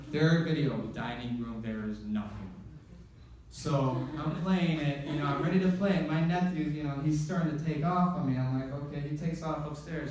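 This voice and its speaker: A man doing stand-up, telling a rambling, excitable story and acting out his own dialogue on a comedy club stage. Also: fairly high pitch, fairly quick, slight background noise. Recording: very echoey room, mic from far off.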